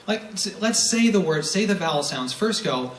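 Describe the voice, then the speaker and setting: A man's voice: sits high, expressive, moderate pace. A man teaching a brass masterclass, explaining breathing with rhetorical questions and demonstrating vowel sounds. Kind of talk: masterclass lecture. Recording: roomy echo from a distant mic, faint noise.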